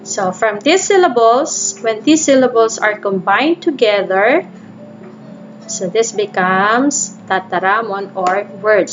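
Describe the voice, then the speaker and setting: A woman teacher gives a recorded reading lesson, explaining in English mixed with Bikol words and reading syllables aloud one by one. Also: on the high side. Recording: dull lo-fi recording with faint noise.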